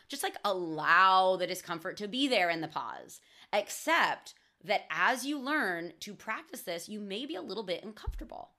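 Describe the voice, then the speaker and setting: Bright-voiced casual woman podcaster. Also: medium pitch. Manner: casual, candid, curses freely, says "like" often. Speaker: podcast host, mindful eating coach. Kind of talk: solo podcast monologue.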